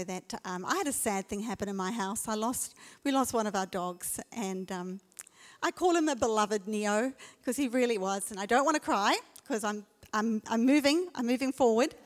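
High-voiced woman preaching in a hall. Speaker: pastor. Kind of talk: sermon. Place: church auditorium. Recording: long church hall reverb.

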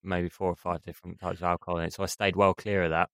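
Deep-voiced man, dry close sound. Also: fast, clean tone, no room sound. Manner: relaxed, rambling with fillers. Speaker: podcast co-host. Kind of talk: casual podcast chat.

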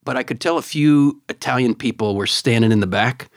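Animated man telling stories on a podcast. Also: mid-range voice, fairly quick, no echo, clean studio sound. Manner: animated storyteller, repeats words when excited. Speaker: podcast co-host. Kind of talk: casual chat and storytelling.

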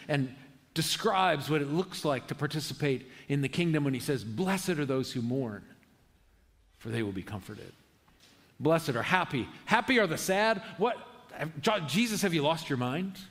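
Earnest pastor, man's voice in a reverberant hall. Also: fairly high pitch. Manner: earnest, halting, with frequent restarts. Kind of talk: conversational sermon.

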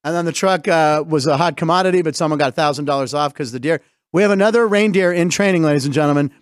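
A middle-aged man hosting a casual comedic sports talk show, rambling through jokes and quick asides. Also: a little high, clean tone, dry recording. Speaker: host.

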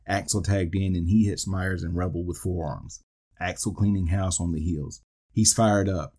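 Low and a little mellow, this man's voice holds a steady tone at normal speed. As a podcast host narrating a wrestling match play by play, he slips dry wisecracks and asides in between the moves he calls.

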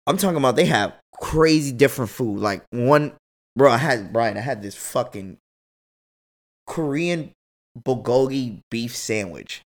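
A young man telling a story in casual, slangy podcast chat, animated and jumping high in pitch when he quotes others. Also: unhurried.

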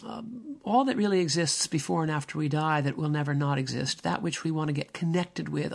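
Gravelly older man musing on faith. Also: fairly high pitch, fairly bright tone. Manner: meandering, with many fillers and restarts. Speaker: podcast host, minister. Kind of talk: reflective spiritual monologue.

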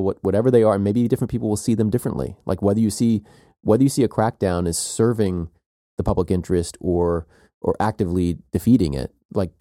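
A man's voice: on the low side, dark tone, no echo, studio quality. A man co-hosting an academic talk, thinking aloud at length with playful asides and frequent "right?". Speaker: podcast co-host. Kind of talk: academic conversation.

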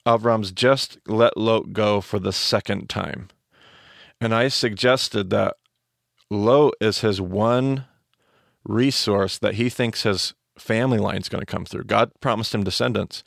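A man teaching the Bible on a podcast, his voice heavily gravelly and fairly low. He explains with restarts and fillers and speeds up in asides. It is recorded dry and close on a studio mic. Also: no echo.

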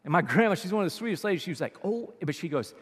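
A male pastor preaching a sermon in a church, telling stories and swinging between hushed and loud. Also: sits high, lively intonation, racing, breathy edge. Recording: long reverb of a large hall.

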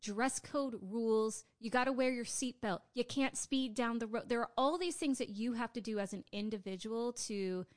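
A woman's voice: on the high side, normal speed, hardly any pauses. A woman from Florida co-hosting a podcast, chatting casually and repeating words for emphasis. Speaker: podcast co-host. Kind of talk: casual chat.

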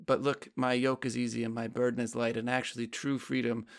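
A man's voice: medium pitch, level tone, brisk. A man co-hosting a conversational discussion of poetry, patiently explaining lines of verse.

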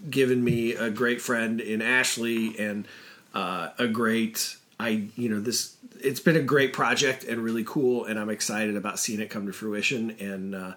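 A man's voice: on the low side, fairly even intonation, measured pace, a bit bright. A man hosting a podcast in casual chat, hesitant and trailing off at times. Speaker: podcast host.

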